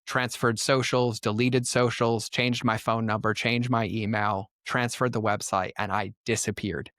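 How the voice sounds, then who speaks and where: A man's voice: on the low side, level tone, a bit bright, no room sound, clean studio sound. A man as a podcast guest, telling his life story in an earnest, emphatic way. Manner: earnest, emphatic, quick to act out quotes. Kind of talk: personal storytelling in conversation.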